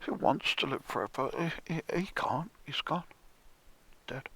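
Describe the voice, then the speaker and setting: A man's voice: mid-range voice, sing-song, moderate pace, vocal fry, a bit bright, breathy edge. A man delivering a sardonic, profane ranting monologue, often dropping into a whisper. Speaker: music commentator.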